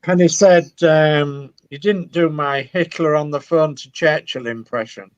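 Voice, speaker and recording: A man's voice: fairly high pitch, unhurried. A man co-hosting a casual live stream, affable and often chiming in with agreement. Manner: affable, frequent backchannel agreement. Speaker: co-host. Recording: dry, dull lo-fi sound.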